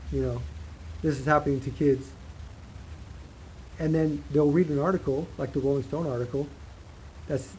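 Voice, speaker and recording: A man's voice: fairly high pitch, warm tone, slight background noise, low-quality recording. A man giving a casual, impassioned opinion monologue, rambling and emphatic as he makes his points. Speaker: commentary channel host.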